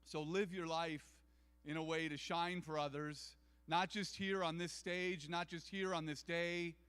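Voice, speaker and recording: A man's voice: on the high side, little pitch movement, a little slow, fairly bright tone, clean tone. A man giving an earnest, inspirational speech from a stage at an event. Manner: earnest, repetitive rallying phrasing. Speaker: event speaker. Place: large event hall. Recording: long hall reverb.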